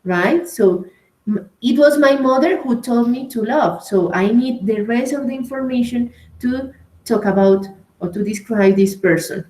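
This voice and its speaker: A woman's voice: a little high, measured pace, darkish tone. A woman with a Colombian Spanish accent teaching an English grammar class, explaining patiently and checking in with "right?" and "okay?". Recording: echoey room.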